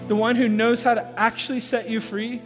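High-voiced pastor in a reverberant hall. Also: male voice, brisk. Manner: animated storyteller with laughs and acted-out sounds. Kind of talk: storytelling sermon. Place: church sanctuary. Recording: large hall with long reverb, faint music.

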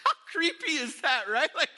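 Man, pastor, sermon storytelling, high voice, animated and self-deprecating, long reverb. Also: measured pace, a little hiss or hum. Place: church sanctuary.

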